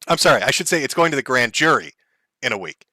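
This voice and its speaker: A man's voice: mid-range voice, sing-song, fast, sharp tone, no echo. A man hosting a livestream, giving a crude, sarcastic rant with mocking asides. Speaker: streamer host.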